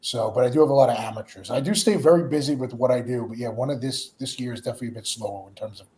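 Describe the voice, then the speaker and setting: A man appearing as a guest coach, answering questions in a measured, plain way with frequent fillers. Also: medium pitch, darkish tone. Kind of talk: casual interview answers.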